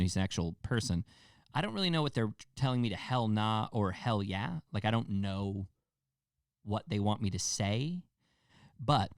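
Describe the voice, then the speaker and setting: A man hosting a casual solo podcast, talking in a rambling, loose way full of fillers and offhand swearing. His voice sits on the low side. The sound is dry and close, with no room echo. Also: a little mellow. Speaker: podcast host.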